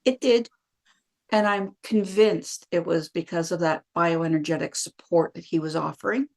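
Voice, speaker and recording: Lively middle-aged woman storyteller. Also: lowish voice, moderate pace, creaky. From Canada. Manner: lively anecdotal telling, acts out her own inner voice. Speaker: guest, wellness practitioner. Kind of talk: conversational storytelling.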